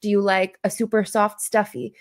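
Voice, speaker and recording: A woman guest speaks casually in an interview, her talk full of "like" and restarts. She acts out little quoted exchanges in a livelier voice. Her pitch sits in a typical middle range. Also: flat delivery, normal speed. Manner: chatty, heavy use of "like" and self-corrections; plays out little dialogue bits in a raised voice. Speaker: guest who counsels children and parents.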